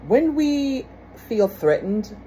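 A woman speaking in an emphatic, casual teaching manner. She has a warm, mellow tone, often repeats her key phrases and asks rhetorical questions. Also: high voice, big pitch swings, slow, a little hiss or hum, rough recording. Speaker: speaker on forgiveness.

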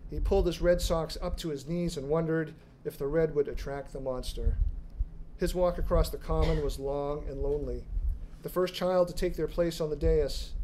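A man, an author, reading his dark fiction aloud at a live literary event, in a measured, dramatic storytelling manner. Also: fairly high pitch, slight background noise, low-quality recording. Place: bar reading room.

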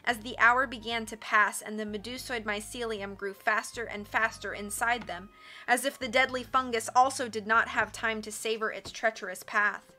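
A woman reading a novel aloud in a measured, expressive storytelling voice. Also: fairly high pitch. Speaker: audiobook reader on a stream. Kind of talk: dramatic audiobook narration.

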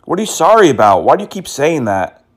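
A man's voice: on the high side, very animated, fast talker. A man prank-calling phone scammers, teasing and mocking them and dropping in Hindi words and insults. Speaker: scam-baiting prank caller.

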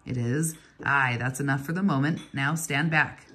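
A woman reading aloud, voicing a kindly, wry old male stonecutter in a storybook, with a low, slightly husky voice. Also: moderate pace, fairly bright tone, exaggerated voice. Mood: warning.

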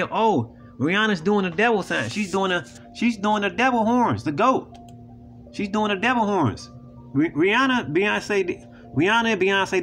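A little high and fairly bright, this man's voice belongs to a video host. He talks straight to the viewers in a blunt, preachy, profane casual monologue, repeatedly asking "you know what I'm saying".

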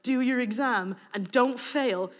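An Irish woman telling a comic personal story to an audience, lively and acting out the voices of the people in it. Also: a little high, slow, long reverb tail. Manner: lively, acts out voices, breaks into laughter.

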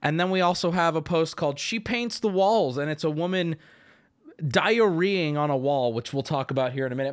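A man streaming live, talking casually to his chat and swinging between loud outbursts and low mutters. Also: fairly quick. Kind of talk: casual livestream talk.

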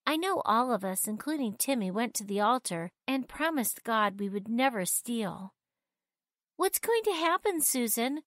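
An anxious young girl from a children's storybook, as a woman reader plays her, close to tears. Her voice rides somewhat high. The sound is dry and close. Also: very animated, measured pace, fairly bright tone, dry recording. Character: fretful young girl, the sister's friend.

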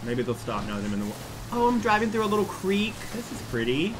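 A young man casually commenting as he plays a video game, animated and prone to shouting at what happens on screen. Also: high voice, fast talker, background noise. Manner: animated, exclaims and yells at the game. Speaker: gaming YouTuber.

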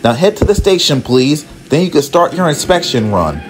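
A man voicing a businesslike woman who owns a railroad, speaking in a brisk, matter-of-fact way. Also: on the high side, big pitch swings, faint music behind, pitched above the performer's own voice.

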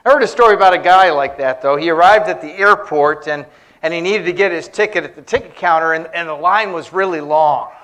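High-voiced male preacher telling stories. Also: brisk, a bit bright. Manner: storytelling with humorous anecdotes. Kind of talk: sermon. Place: church.

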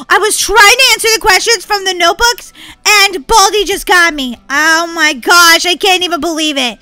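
A woman giving excited gameplay commentary as a channel host, squealing, laughing and crying out in bursts of panic. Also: extremely high pitch, unhurried, dry recording, faint music behind. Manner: squealing, laughing, breathless exclamations.

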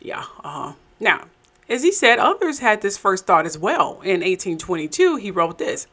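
A woman's voice: mid-range voice, sing-song, normal speed, bright, forceful tone. A woman hosting and narrating a commentary show, with sarcastic, skeptical asides. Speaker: show host.

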